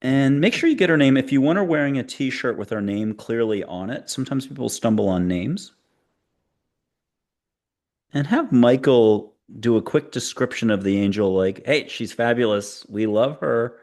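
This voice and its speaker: Male host, gravelly voice, guides a visualization as a coach. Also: medium pitch, animated, moderate pace, a little mellow. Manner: instructive, coaching.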